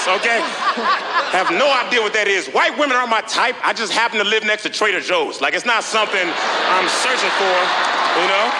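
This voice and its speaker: A man doing a stand-up set on a big studio stage, quick, playful and self-mocking. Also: sits high, very noisy. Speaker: stand-up comedian. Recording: loud studio audience and music.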